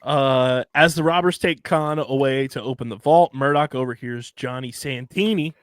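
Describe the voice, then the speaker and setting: A man's voice: mid-range voice, moderate pace, clean tone, no echo. Man recapping an episode, dry sound. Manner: narrates plot points with jokey asides and fillers. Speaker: podcast co-host.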